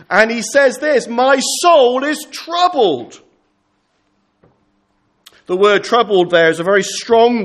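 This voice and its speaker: A man preaching an earnest pastoral sermon, slowing down to dwell on scripture quotations. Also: sits high, fairly bright tone.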